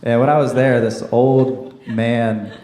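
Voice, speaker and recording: Young male comic, dry and awkward, mid-pitched, recorded in a roomy club. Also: level tone, slow. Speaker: stand-up comedian. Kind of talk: stand-up set. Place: comedy club stage. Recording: roomy club sound with clear noise.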